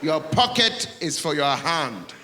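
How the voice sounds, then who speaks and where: A man voicing his strict mother, who scolds in a shrill, shouting voice. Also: big pitch swings, slow, heavily acted. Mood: scolding. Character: strict shrieking immigrant mother. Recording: echoey hall with audience noise.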